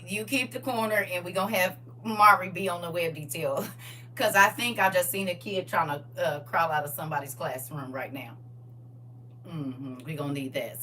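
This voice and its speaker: Animated woman preaching, bright and distant. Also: on the low side. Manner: animated, swings from soft asides to loud bursts, acts out quoted people. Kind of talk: lively sermon to a live congregation. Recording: distant mic with faint hum.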